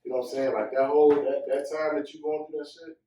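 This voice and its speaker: A man's voice: fairly high pitch, little pitch movement, fast talker, dark tone, a little hiss or hum. A man in a casual group conversation, often chiming in with short affirmations. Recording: echoey room, mic far off.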